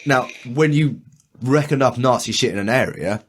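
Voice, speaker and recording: A man's voice: mid-range voice, expressive, normal speed, slight background noise. A man hosting a podcast in casual chat, enthusiastic and rambling, swearing freely. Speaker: podcast host.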